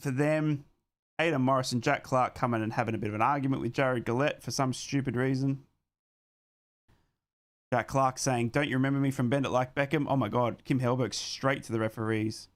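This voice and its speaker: An Australian man hosting a live football watchalong, calling the match with loud fan excitement and giving slangy thank-yous to his viewers. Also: mid-range voice. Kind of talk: live fan commentary and stream sign-off.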